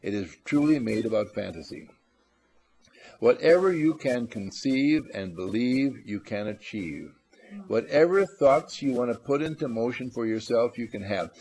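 A man's voice: mid-range voice, expressive, measured pace, darkish tone, husky. A man giving an inspirational talk, playful, acting out little scenes and repeating phrases for emphasis. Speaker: motivational speaker.

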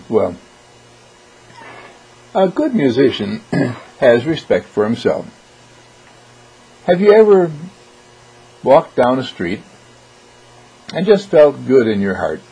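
Gravelly, husky man giving a motivational talk. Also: mid-range voice, muffled recording. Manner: animated, acts out quoted voices; frequent throat clearing. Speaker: motivational speaker.

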